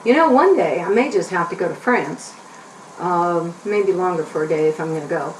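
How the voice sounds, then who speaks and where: A woman's voice: on the low side, lively intonation, normal speed, recorded from a distance, slight background noise. A woman hosting a kids' cooking show, chatting to herself as she cooks in a home kitchen, with onions sizzling behind her. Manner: chatty, talks to herself while stirring. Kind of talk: casual cooking demonstration for kids. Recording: roomy kitchen, mic set back. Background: onions sizzling in a pan.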